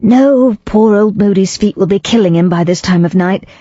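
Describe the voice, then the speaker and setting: A woman's voice: medium pitch, normal speed, warm tone, dry recording, dull audio, voice pushed up, close to an everyday voice. A woman voicing an eager, plain-spoken young Englishwoman in an audiobook.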